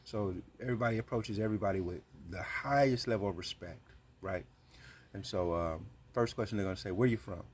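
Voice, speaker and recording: A man's voice: lowish voice, brisk, slight background noise. A man hosting his channel, giving earnest, slangy advice in a casual monologue. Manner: earnest, slangy, repeats points.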